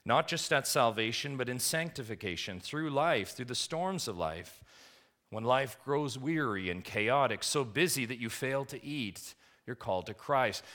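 A man preaching a sermon in an earnest way, asking the congregation questions and swinging from emphatic peaks to soft, quiet lines. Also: mid-range voice, lively intonation, measured pace. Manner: asks the congregation rhetorical questions. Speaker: pastor.

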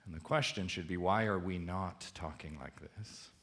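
Emphatic male preacher, lowish voice. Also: normal speed, a bit bright. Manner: emphatic preaching, voice rising high on key points and dropping low at line ends. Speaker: pastor. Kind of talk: sermon.

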